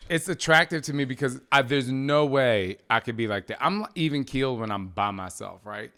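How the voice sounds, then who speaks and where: A man hosting a casual chat with his husband, telling animated stories and acting out voices. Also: mid-range voice, normal speed. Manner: animated storyteller, acts out kids' voices. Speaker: podcast host.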